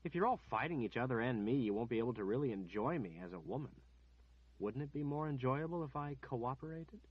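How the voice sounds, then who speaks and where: A man reading an audiobook, voicing a frightened young woman captive who talks in a soft, coaxing way while faking confidence. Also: medium pitch, expressive, a little fast, husky, no room sound, lo-fi sound, voice pushed up. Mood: coaxing, tense. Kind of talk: audiobook character voice.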